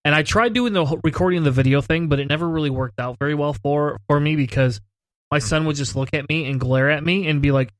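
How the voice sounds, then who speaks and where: Animated man telling funny stories. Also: on the high side, fast talker, no room sound. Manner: animated storyteller, laughs often, swears casually. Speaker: podcast co-host. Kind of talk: casual chat.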